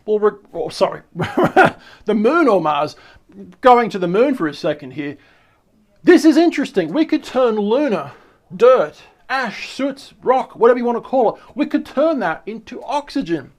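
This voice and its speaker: A high-pitched man reads articles aloud and comments on them as he goes. He is excitable and chatty, and he often stumbles, restarts and repeats words. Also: measured pace. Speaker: channel host.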